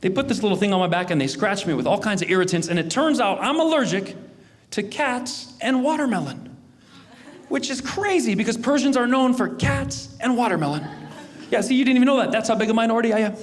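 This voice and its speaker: A man's voice: high-pitched, brisk. A male stand-up comedian telling self-mocking stories on stage to a live audience. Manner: animated, self-mocking, storytelling. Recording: live room with audience laughter and noise.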